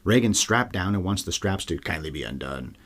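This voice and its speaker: A man's voice: low voice, lively intonation, brisk, fairly bright tone. A man hosting a solo film review podcast, talking in a casual, irreverent way with wry, sarcastic asides. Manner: profane, irreverent. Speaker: podcast host.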